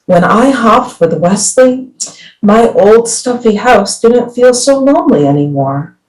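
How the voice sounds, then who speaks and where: A woman reading a children's picture book aloud at a library, lively storytelling and voicing each animal. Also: on the high side, unhurried. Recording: distant from the mic.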